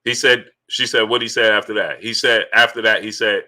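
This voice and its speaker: A man's voice: on the low side, steady tone, brisk, bright, forceful tone. A man hosting a casual sports livestream, greeting viewers by name and repeating himself as he talks. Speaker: livestream sports host reading Super Chats. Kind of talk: casual live-stream talk.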